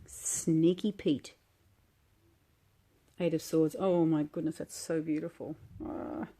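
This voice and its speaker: A woman calmly unboxing a tarot deck while sitting on her floor, gushing and admiring each card at an unhurried pace. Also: low-pitched. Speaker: tarot vlogger. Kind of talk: relaxed unboxing commentary.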